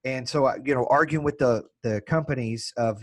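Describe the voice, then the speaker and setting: Here a man narrates his business's origins in a mid-range voice at a normal pace. He's energetic and open, drops casual swear words, and performs both sides of old arguments.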